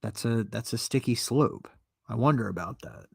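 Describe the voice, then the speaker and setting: A man's voice: medium pitch, normal speed, creaky, a little mellow, husky, no room sound, clean studio sound. A man hosting a podcast and ranting alone, sarcastic, profane and indignant as he reads from and mocks an article. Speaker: podcast host. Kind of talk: solo commentary rant.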